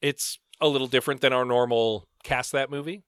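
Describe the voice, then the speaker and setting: A man's voice: mid-range voice, fairly even intonation, fairly quick, fairly bright tone, clear, resonant tone, no echo, clean studio sound. A man co-hosting a book club podcast, musing aloud in casual chat with occasional fillers. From Canada. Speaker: podcast co-host.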